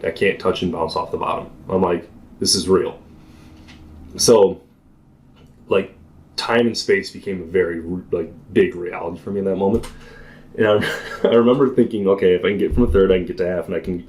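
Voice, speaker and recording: A young man chats as a podcast guest, telling a long story with animated energy and plenty of filler words. His voice sits a bit low, and he laughs often as he talks. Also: brisk. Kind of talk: casual storytelling chat.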